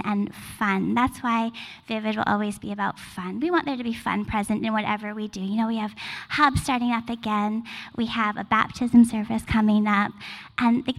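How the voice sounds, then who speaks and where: A woman pastor in her forties preaches in a relaxed, chatty way, filling her sentences with casual asides. Her voice sits fairly high with a gravelly fry. It rings out with the long reverb of a church hall. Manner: casual, chatty, filler-heavy. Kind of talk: sermon.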